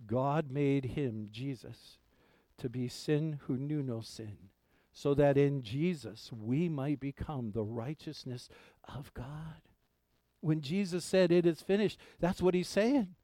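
A man preaching a sermon. He repeats key phrases slowly and with weight, moving between hushed lines and loud declarations. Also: on the high side, no echo. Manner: preaching with slow emphatic repetition, swinging from hushed to loud. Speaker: pastor.

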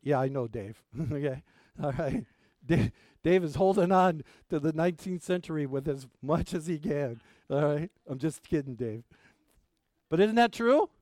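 A male pastor delivering a sermon, his voice a touch higher than most men's and notably smooth and resonant. He keeps tossing rhetorical questions to the congregation, rising to loud emphatic lines and then dropping to quiet asides. The sound is dry and close, with little room around it. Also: dry recording.

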